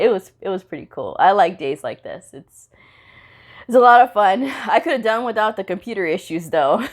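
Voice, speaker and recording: At home after work, a woman who teaches medical coding chats casually in a vlog about her workday. Her voice is mid-range, and she laughs often while acting out the dialogue in her story.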